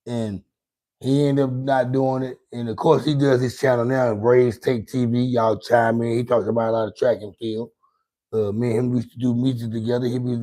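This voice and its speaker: Here the middle-aged man running his own podcast sounds mid-range and dark-toned. Answering chat on his livestream, he rambles loosely, swears, and taunts a viewer in a singsong manner.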